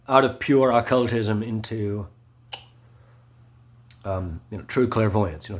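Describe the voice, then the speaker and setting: A man in a rambling monologue, full of "right?" and "you know" fillers, swinging between low mutters and sharp emphatic spikes.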